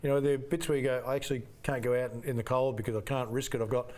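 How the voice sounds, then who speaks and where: A man's voice: mid-range voice, flat delivery, very fast, a little mellow. A man hosting a sports show, asking conversational interview questions.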